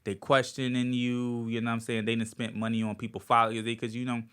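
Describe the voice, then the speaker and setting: A comedian from Virginia telling an animated story as a podcast guest, acting out quotes as he goes. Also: mid-range voice, quick pace, clean tone. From Virginia, USA. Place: podcast studio.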